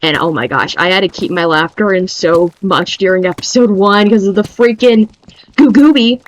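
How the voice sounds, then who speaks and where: A young woman streamer chatting casually in an excitable, rambling way. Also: medium pitch, normal speed, slight background noise, poor audio.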